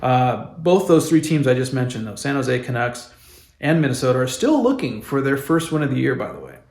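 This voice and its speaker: A man rants about his hockey team in a fired-up, exasperated way, as a fan who yells at the screen. His voice sits in a middle register. The sound is roomy and echoey. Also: mid-range voice, sing-song, a little fast, vocal fry. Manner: passionate, exasperated, fan ranting. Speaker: hockey vlogger. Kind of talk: opinionated sports commentary vlog.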